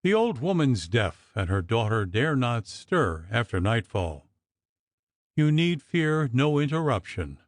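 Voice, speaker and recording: A man voicing a desperate, agitated young gentleman in an audiobook, with a piercing, trembling, pleading voice. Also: medium pitch, very animated, measured pace, dry recording, studio quality. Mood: tense. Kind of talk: audiobook character reading.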